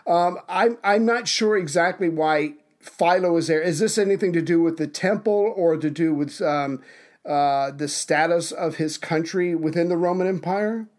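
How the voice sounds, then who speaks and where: A man's voice: a little high, normal speed. A man co-hosting a casual history podcast, summarizing events and dropping wry, sarcastic asides. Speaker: podcast co-host.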